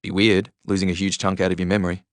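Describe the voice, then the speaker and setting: Dude doing a quiet concerned young aussie mate, gentle questions, dry close sound. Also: male voice, low-pitched, little pitch movement, quick pace, no echo, lightly acted.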